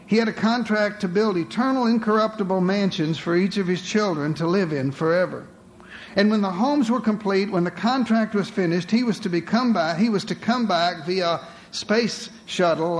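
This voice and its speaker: A man's voice: high-pitched, slight background noise. A man preaching a sermon to a congregation, with dramatic rhetorical questions, calling his listeners beloved.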